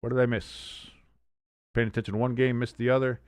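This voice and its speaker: A man hosting a sports watch-along stream, giving excitable play-by-play with blunt, profane reactions. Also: mid-range voice, brisk, smooth, dry recording, clean studio sound. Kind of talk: casual live sports commentary.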